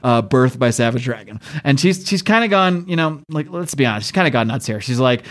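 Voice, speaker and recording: A man's voice: medium pitch, sing-song, a little fast. A man co-hosting a podcast, recapping a comic book in casual chat, laughing often, swearing freely and acting out the characters' lines. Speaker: podcast co-host.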